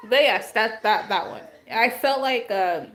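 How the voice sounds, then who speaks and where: A woman's voice: a little high, expressive, unhurried, fairly bright tone. A woman hosting a casual livestream, talking straight to her viewers and answering their comments, with a voice that is wearing out from a long stretch of talking. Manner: chatty, answers viewer comments as they come in. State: losing her voice. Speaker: livestream host.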